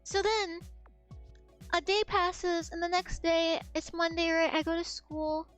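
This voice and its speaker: A woman's voice: very high-pitched, a little slow, faint music behind. A woman streamer telling a long, rambling anecdote in casual chat, swearing freely and acting out what others said. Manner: rambling, animated anecdote with swearing and acted-out quotes.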